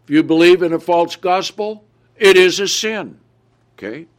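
A man's voice: high voice, normal speed. A man preaching a sermon, asking the audience questions and answering them himself with emphasis.

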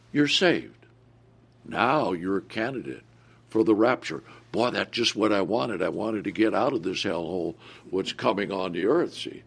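A man preaching a sermon, asking the audience questions and answering them himself with emphasis. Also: medium pitch.

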